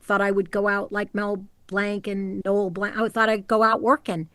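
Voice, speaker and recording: A middle-aged woman voice actor talking in a casual interview from her home closet booth, animated and quick to slip into character voices. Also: medium pitch, dry recording. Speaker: voice actor guest.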